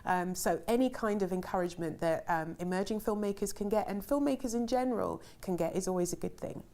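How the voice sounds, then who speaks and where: A woman's voice: medium pitch, fairly quick, warm tone. A middle-aged woman, a film director, reads interview questions aloud and answers them in a chatty, rambling way with lots of ums and easy laughter. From Ghana.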